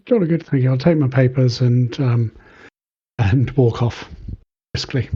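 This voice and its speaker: Husky man playing, dull lo-fi sound. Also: mid-range voice, a little slow, warm tone. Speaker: player. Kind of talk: in-character play.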